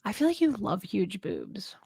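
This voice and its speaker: A woman's voice: mid-range voice, huge pitch swings, measured pace, gravelly, mellow, breathy edge, no echo. A woman co-hosting a casual livestream chat, playful and laughing, reading out viewer comments. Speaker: co-host.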